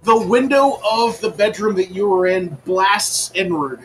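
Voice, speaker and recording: Guy dming a tabletop game, pretty high voice, lots of uhs. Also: lively intonation, fairly bright tone, faint music behind, poor audio. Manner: halting, with many ums and uhs. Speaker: game master.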